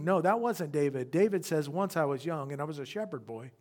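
A man preaching a sermon who speaks straight to his congregation with questions and rises from quiet reflection to loud emphasis. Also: fairly high pitch, lively intonation, brisk, few pauses. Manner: addresses the congregation directly with questions. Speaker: pastor.

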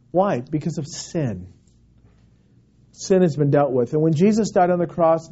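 A man pastor preaching a sermon, emphatic, swinging between raised passages and hushed, quiet ones. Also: sits high. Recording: dull lo-fi recording.

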